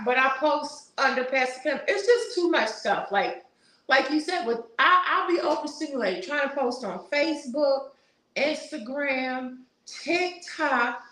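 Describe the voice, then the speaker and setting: Reading live chat comments out loud, this YouTube host, a woman in her sixties, chats casually with her viewers and slips in churchy remarks. She has a high-pitched, fairly bright voice. The sound is roomy and the recording is low quality.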